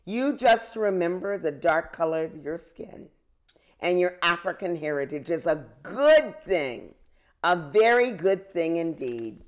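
A woman voicing a gentle, reassuring old grandfather in a storybook read-aloud. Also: lowish voice, expressive, measured pace.

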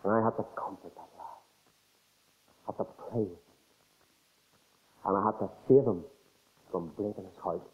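Man, preacher, storytelling sermon, loud emphasis and quiet asides, tinny phone-like sound. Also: low-pitched, normal speed, long pauses.

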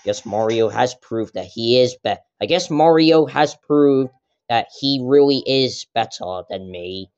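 Man shouting as Bowser, raging gravelly turtle king. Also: medium pitch, measured pace, natural voice. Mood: sulking. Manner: yelling, sulky and petulant. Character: furious hulking male turtle king villain. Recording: dull lo-fi recording.

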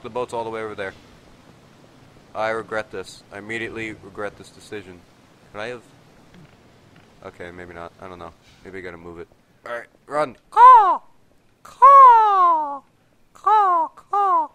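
Teen gamer, nasal from allergies, bright and jumpy, yelps on surprises. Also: male voice, slight background noise. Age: teens. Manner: excitable, yelps and shouts in sudden pitch jumps. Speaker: let's play gamer. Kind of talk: casual gameplay commentary. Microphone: desk mic resting on a table.

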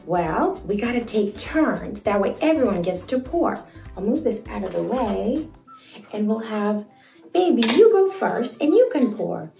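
A woman hosting a toddler learning video, speaking in a sing-song, encouraging way with slow, clear words, in an echoey room with faint music. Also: medium pitch, very animated, dark tone. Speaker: children's show host.

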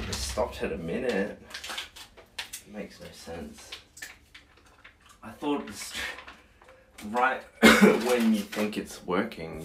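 A man streaming live, ranting in frustration, swearing, and jumping into high-pitched yelling. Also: slow, long pauses, heavy background noise.

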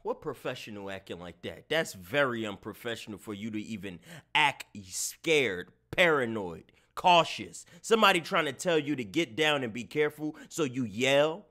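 A man's voice: mid-range voice, moderate pace, hardly any pauses. A man streaming live, reacting to clips and mocking them to his chat in casual talk. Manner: animated, mocking, talks to chat.

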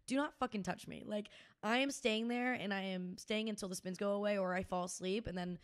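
A woman's voice: medium pitch, fairly even intonation, fairly quick. A young woman in her twenties co-hosting a podcast, telling stories in a chatty, casual way with plenty of swearing. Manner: chatty storyteller, swears freely, acts out quotes. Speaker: podcast co-host. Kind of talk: casual chat.

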